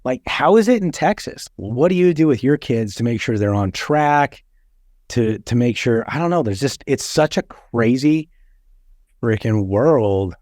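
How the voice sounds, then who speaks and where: Speaking unhurriedly and expressively, a thirty-something man hosts a podcast in a medium-pitched, somewhat dark voice. He swaps stories in a blunt, casual chat and swears freely throughout. It's a dry recording with clean studio quality.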